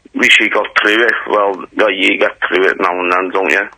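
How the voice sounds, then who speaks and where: A man's voice: low voice, flat delivery, moderate pace, vocal fry, pushed and bright, rough recording. A man with an English accent calling a radio phone-in, his speech slurred, rambling and mumbly. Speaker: caller. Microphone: phone line.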